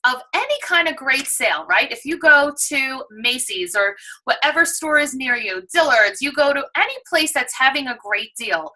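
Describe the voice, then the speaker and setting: New york lady doing a peppy sales pitch, really bright high voice. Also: poor audio. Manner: enthusiastic, persuasive, acts out shoppers' voices. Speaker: direct sales presenter.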